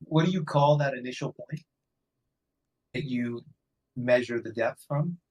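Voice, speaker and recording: A man's voice: mid-range voice, measured pace, a little mellow, low-quality recording. A man co-hosting a casual trading discussion, asking probing questions.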